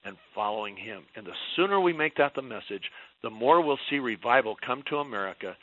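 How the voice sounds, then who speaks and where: A man's voice: medium pitch, animated, fairly quick, fairly bright tone, no echo. An older man speaking as a guest on a Christian radio talk show, preaching fervently and emphatically, rising and falling for effect. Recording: dull lo-fi radio sound.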